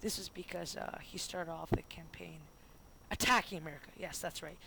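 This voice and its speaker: A student rambles through a homemade history lesson with a gravelly, creaky voice, tripping over words and correcting themselves. The recording is noisy, with a steady hiss and clicks behind the voice. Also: mid-range voice. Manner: rambling and goofy, full of fillers and self-corrections. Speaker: student making a history video. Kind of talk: jokey homemade history narration.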